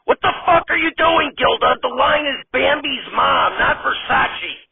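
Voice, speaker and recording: A man's voice: extremely high pitch, very animated, normal speed, vocal fry, breathy edge, no room sound, pitched above the performer's own voice, full character voice. A man voicing a bossy, foul-mouthed male sketch director who talks in a pushy, whiny way. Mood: angry. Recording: tinny distant phone-like sound.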